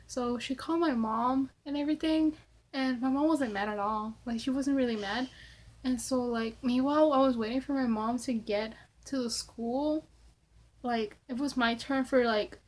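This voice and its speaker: A young woman vlogger answering Q&A questions and rambling through a story, filling her talk with "like" and swearing casually. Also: fairly high pitch. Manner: chatty, rambling, lots of "like".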